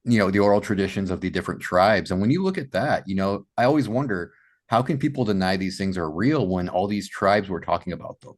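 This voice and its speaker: A man with a fairly low speaking voice tells a long personal story as a podcast guest. He grew up in Massachusetts and speaks with animated energy, leaning on "you know" as he goes. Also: fast. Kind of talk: storytelling in an interview.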